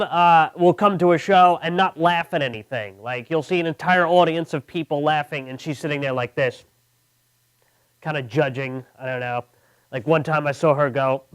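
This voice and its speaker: A young man from Long Island, doing a stand-up comedy set with a deadpan delivery. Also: on the high side, smooth. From Long Island, New York. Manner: deadpan, mocking voices of others. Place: comedy club.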